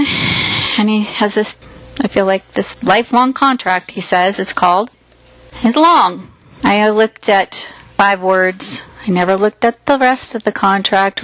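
A woman's voice: medium pitch, fairly bright tone, dry recording, poor audio. A woman earnestly retelling a personal experience in vivid detail, acting out what was said. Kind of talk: personal storytelling.

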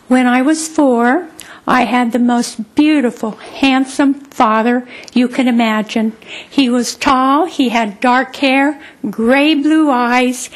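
A woman telling her own life story to listeners, expressive and repeating words for emphasis. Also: a little high. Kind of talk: personal storytelling talk.

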